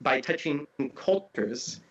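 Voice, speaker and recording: A man in a casual conversation, explaining ideas as a guest teacher in an animated way and acting out tones of voice. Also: fairly high pitch, slow pace. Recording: dull lo-fi audio.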